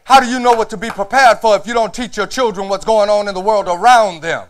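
High-voiced preacher, rising to shouts. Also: male voice, steady tone, fast. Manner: preaching with rising shouts and call-outs of "Huh?". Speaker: pastor. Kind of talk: sermon. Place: church.

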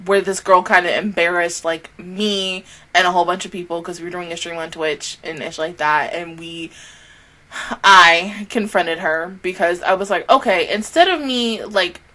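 A young woman reacting to an anime on her channel, ranting casually and animatedly, swearing freely and slipping into quick mocking voices of other people. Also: fairly low pitch, sharp tone.

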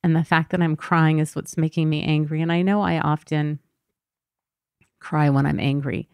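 A woman's voice: deep voice, fairly even intonation, moderate pace, gravelly, a little mellow, smooth, no echo. A woman therapist hosting her podcast, talking candidly and vulnerably in a personal monologue. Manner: candid, vulnerable, emotionally raw.

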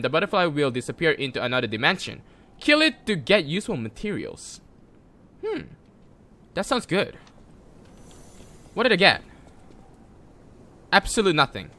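A man giving casual gameplay commentary, excitable and jokey, talking to the game characters and yelling at sudden moments. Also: on the high side, normal speed, long pauses. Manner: jokey, mock-sarcastic. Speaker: gameplay video creator.

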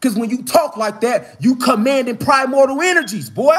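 A man giving a fired-up, profane, slangy preaching monologue outdoors in the mountains, often rising to shouts. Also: very high-pitched, lively intonation, moderate pace. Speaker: spiritual commentator.

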